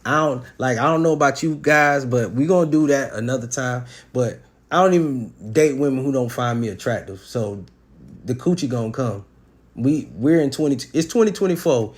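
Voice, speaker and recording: A man talks through his dating advice in a loose, blunt monologue. He is profane and streetwise and leans on sports comparisons. His pitch sits in the middle for a man. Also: normal speed, slightly rough. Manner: blunt and animated, with sports analogies and acted-out quotes. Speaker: podcast host giving relationship advice. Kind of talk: casual monologue.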